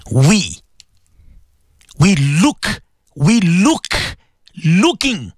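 A man delivers a radio sermon in a high voice that rises and falls in a lively, sing-song way. He talks emphatically, repeats his phrases and keeps checking in with his listeners. The sound is close and dry, with no room around it. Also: breathy edge, no room sound. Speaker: Islamic preacher on radio.

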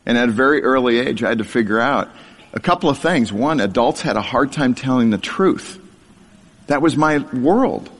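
A man's voice: medium pitch, expressive, normal speed. A middle-aged man preaching a storytelling sermon, sharing his childhood with self-deprecating humor and frequent laughter. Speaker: speaker sharing a testimony. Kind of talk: storytelling sermon to a live audience. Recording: long hall reverb.

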